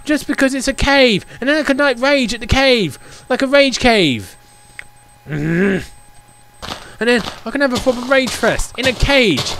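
A young man rants through his Minecraft let's play. His voice sits high and swings widely in pitch. He sounds exasperated and keeps circling back to the same complaints. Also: expressive, measured pace, fairly bright tone, slight background noise. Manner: ranting, exasperated, repetitive. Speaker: gaming YouTuber.

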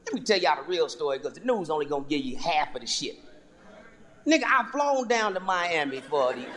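A man's voice: on the high side, a little fast. A man performing stand-up comedy, telling a profane story and acting out the people in it. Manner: profane, animated, acts out characters. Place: theater stage before a laughing audience. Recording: live hall with long reverb, faint noise.

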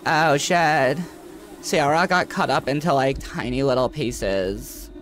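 A man's voice: mid-range voice, slow, fairly bright tone, slight background noise, voice pushed up. A man voicing a peppy young female college student in a ditzy Valley Girl voice. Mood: panicked. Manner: breathless ditzy valley-girl speech, lots of "like".

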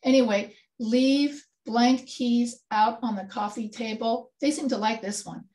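Higher-pitched woman teaching grammar. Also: unhurried, darkish tone. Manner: patient, quizzing students with questions. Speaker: writing instructor. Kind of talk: online class session.

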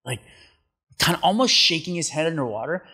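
A middle-aged man, a surfer guest on an interview show, telling a story in a casual, animated way, acting out what people said and saying "like" a lot. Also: fairly high pitch, fairly quick, gravelly, husky. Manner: animated storyteller, acts out quotes, many filler likes.

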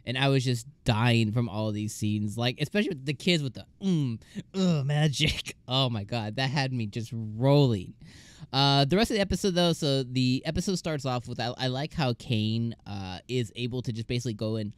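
Male anime reviewer, casual and animated, acts out scenes in silly voices, dry close sound. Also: mid-range voice, moderate pace, no room sound. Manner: laughing, animated retellings with comic voices.

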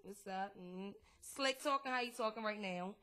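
A woman's voice: on the high side, moderate pace, fairly bright tone. A woman, co-hosting a podcast in casual banter, blunt, profane and teasing. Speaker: podcast co-host.

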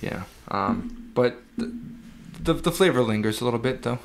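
A man co-hosting a podcast in casual chat, speaking in a measured way with frequent "uh" and "um" pauses. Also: medium pitch, expressive, creaky, a little hiss or hum. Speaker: podcast co-host.

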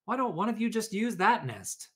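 Storybook trickster, smug and coaxing, read by a man with a bouncy, high pitch. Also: sing-song, normal speed, a bit bright. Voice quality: pitched up, teasing.

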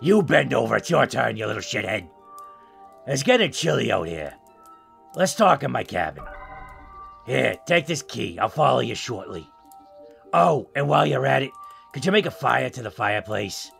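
A man voicing a gruff, bitter old hermit who grumbles sarcastically and swears while reading game dialogue. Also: medium pitch, big pitch swings, normal speed, long pauses, fairly bright tone, faint music behind, exaggerated voice. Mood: menacing.

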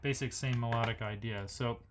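A man's voice: mid-range voice, fairly even intonation, brisk, background noise. Man singing rhythms while explaining music. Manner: thinking aloud, sings rhythms on nonsense syllables. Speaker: music educator host. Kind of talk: live music analysis lesson.

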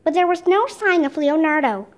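A woman narrating a children's audiobook in a steady, clear way. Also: very high-pitched, moderate pace. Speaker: reader.

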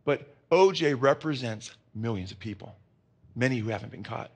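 At a normal speed, an expressive pastor preaches with rising fervor, reaching high, emphatic peaks. He keeps asking his congregation questions and answering them himself, often wandering off into rambling side remarks.

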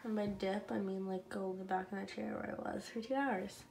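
Whiny young woman with gravelly voice. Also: medium pitch, steady tone, normal speed, darkish tone. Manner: whiny, complaining. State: sore mouth from new braces. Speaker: vlogger. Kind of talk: casual vlog talk to camera.

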